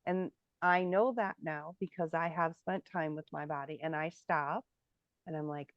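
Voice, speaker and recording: Woman, live Q&A co-host, lowish and reflective, dry lo-fi audio. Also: normal speed, no echo. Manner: reflective, searching for words with frequent ums. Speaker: spiritual workshop co-host. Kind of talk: live Q&A discussion. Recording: dull lo-fi sound.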